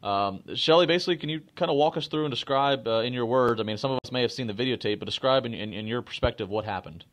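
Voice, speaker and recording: A man hosting a radio wrestling show, introducing his guest in a halting way with many filler uhs. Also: mid-range voice.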